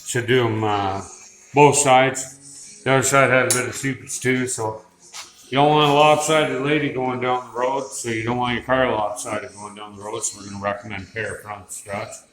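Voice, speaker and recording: A man's voice: medium pitch, fairly even intonation, normal speed, fairly bright tone, reverberant, rough recording. A man working as an auto mechanic, explaining repairs in a casual, joking, rambling way in a repair garage. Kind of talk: casual shop walkthrough. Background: radio music playing.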